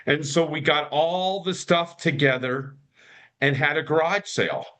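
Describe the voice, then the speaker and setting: A man in his fifties, guesting on a podcast, tells stories casually in a slightly high voice that sounds pushed and bright, at a measured pace. He rambles, restarting often and filling pauses, and acts out the voices of the people he quotes.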